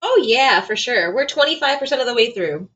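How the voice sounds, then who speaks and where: High, animated woman co-host. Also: fairly quick, highs cut off. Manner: enthusiastic, blunt and laughing. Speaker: podcast co-host. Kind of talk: casual chat.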